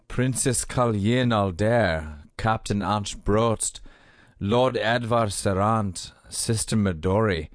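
A man narrating an audiobook in a measured storytelling manner. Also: on the low side, no room sound, clean studio sound. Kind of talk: scripted narration.

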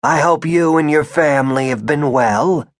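A man's voice: fairly high pitch, lively intonation, unhurried, dry recording, clean studio sound, voice pushed up. A man doing a rattly, indignant old shopkeeper. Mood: stiffly polite. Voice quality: rattly, husky. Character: indignant old male shopkeeper, suspicious and stiff. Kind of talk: audiobook character voice.

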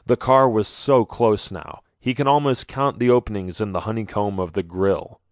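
A man narrating a horror novel in a steady, measured audiobook reading. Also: mid-range voice, no room sound. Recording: dry studio audiobook.

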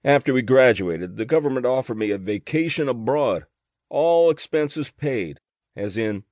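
A man's voice: mid-range voice, expressive, measured pace, darkish tone, no room sound. A man narrating first-person fiction as an audiobook, in a dry, wry storytelling manner.

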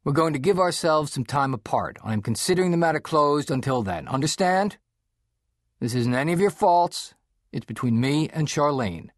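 Firm earnest dad guy reading it, lively up and down, dry close sound. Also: a little high, normal speed, dry recording, voice pushed up, lightly acted. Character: remorseful but firm middle-aged father.

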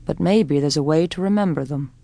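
A woman voicing a gentle, widowed farmer father who speaks quietly and slowly, in few words. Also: sits low, creaky, voice pushed down.

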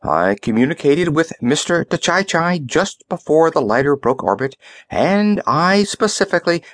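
A man's voice: on the high side, sing-song, a little slow, no room sound, clean studio sound, voice pushed up. A man voicing a nervous, fawning male junior diplomat in an audiobook, eager to please and flustered.

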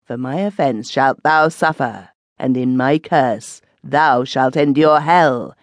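A woman's voice: very deep voice, slow pace, dry recording, exaggerated voice. A woman playing a menacing grizzled old man.

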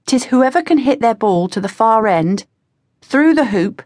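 A woman's voice: on the high side, animated, unhurried, a little mellow, dry recording, studio quality, pitched above the performer's own voice. A woman voicing an eager, slightly anxious teenage boy. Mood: earnest.

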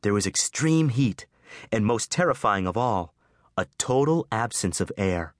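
A man reading a children's adventure audiobook with expressive, scripted storytelling. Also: lowish voice, measured pace, no echo, clean studio sound. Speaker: audiobook narrator. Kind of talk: scripted narration.

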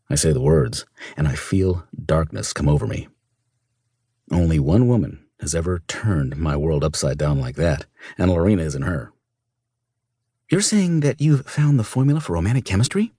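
A man narrating a first-person audiobook in a smooth, measured storytelling manner. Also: extremely low pitch, mellow, no echo, clean studio sound.

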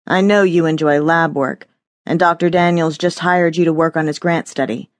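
A smug, patronizing male professor in an audiobook, as a woman narrator puts him on, speaking lower and slower than her usual narration. He lectures with a dismissive, superior air, his voice dry and close. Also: steady tone, dry recording, natural voice. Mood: lecturing. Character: arrogant condescending male thesis professor.

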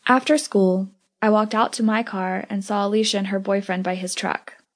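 A woman narrates a first-person audiobook with a steady, even delivery. Her pitch sits in the middle range. The reading is scripted and measured.

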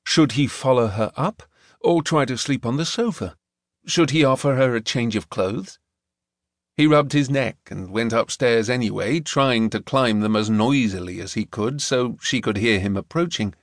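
Reading a novel aloud, a man working as an audiobook narrator keeps his scripted delivery measured and expressive. The recording is dry and cleanly studio-made, with his voice at medium pitch.

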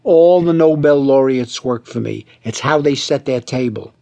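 A man reading a humorous audiobook and voicing a pushy movie producer who talks in brash, fast sales pitches full of Yiddish slang. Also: darkish tone, close to an everyday voice.

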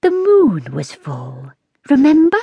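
A woman voicing an old, wise female cat in a storybook, speaking slowly in a hushed whisper. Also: high voice, wildly swooping pitch, husky, no echo, muffled recording, pitched above the performer's own voice, heavily acted. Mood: knowing.

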